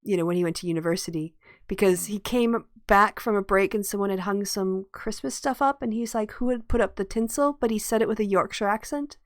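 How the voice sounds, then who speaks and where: A woman's voice: mid-range voice, brisk, no echo, studio quality. A tired woman hosting a podcast, chatting casually and laughing often. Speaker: podcast host. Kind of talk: casual chat.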